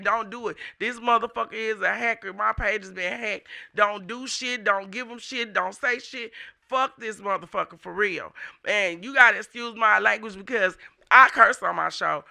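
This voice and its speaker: St guy ranting on his show, real sharp bright voice, cussing a lot, heated. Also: high voice, creaky. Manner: heated, profane, blunt. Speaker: show host. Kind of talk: unscripted ranting monologue.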